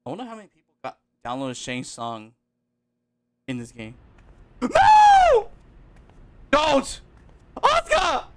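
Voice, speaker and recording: A streamer talking live while playing a wrestling game, with loud melodramatic apologies and outbursts, recorded on a home desk mic. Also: mid-range voice, big pitch swings, a little fast, long pauses, clean tone. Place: home room with open windows.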